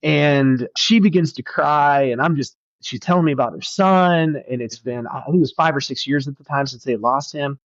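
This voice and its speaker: With a medium-pitched voice at a normal speed and few pauses, this pastor earnestly shares a personal story on a podcast, reflecting as he goes and frequently starting his sentences over. The sound is dry, dull, and slightly lo-fi.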